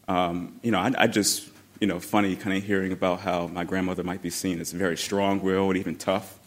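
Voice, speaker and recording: A man telling a personal story about his grandmother in an animated way, laughing and acting out the voices he quotes. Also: deep voice, fairly quick.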